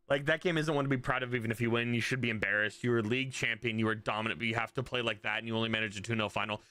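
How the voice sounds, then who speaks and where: A man's voice: medium pitch, fairly even intonation, racing, few pauses, sharp tone, clean tone, dry recording. A man streaming live, ranting at his viewers after a soccer match in an exasperated, profane way, and trailing off in mutters between points. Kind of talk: live stream reaction rant.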